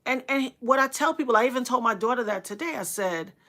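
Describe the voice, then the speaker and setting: A middle-aged woman telling a story on a livestream, earnest and dramatic, repeating phrases for emphasis and acting out what others said in sudden loud, high bursts. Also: animated, fast talker.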